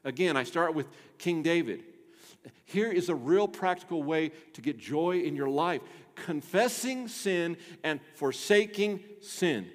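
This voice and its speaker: A man preaching a sermon as pastor, emphatic and leading the congregation in call-and-response, often dropping to a soft low voice on key phrases. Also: expressive, measured pace, long reverb tail. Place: church.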